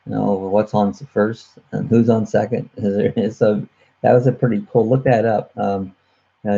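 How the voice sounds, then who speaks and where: A man with a fairly low, mellow, husky voice and some vocal fry hosts a casual live chat on his own channel. He rambles, chuckles, and keeps restarting with lots of "uh" fillers. The computer webcam mic makes the recording sound muffled.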